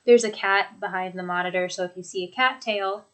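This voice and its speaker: Woman teaching english intonation from her home desk, slow and clear. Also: mid-range voice, fairly even intonation, a bit bright, poor audio. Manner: clear, deliberate, demonstrating intonation examples. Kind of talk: recorded lesson. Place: home office with a computer.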